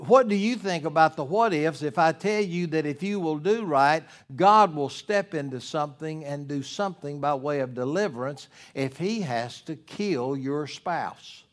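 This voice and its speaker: A man preaching a sermon, emphatic, repeating key words and building to loud climaxes. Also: mid-range voice. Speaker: pastor.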